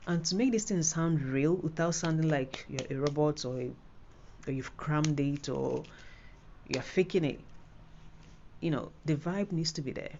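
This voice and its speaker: A woman's voice: deep voice, measured pace, a little mellow, lo-fi sound, a little hiss or hum. A Nigerian woman giving a casual, rambling spoken tutorial on an exam, full of fillers and restarts. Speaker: IELTS tutor.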